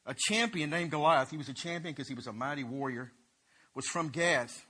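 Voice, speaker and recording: Bright, husky-voiced man teaching scripture. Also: on the high side, brisk. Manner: retells scripture in loose everyday talk. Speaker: Bible teacher. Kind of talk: casual Bible teaching.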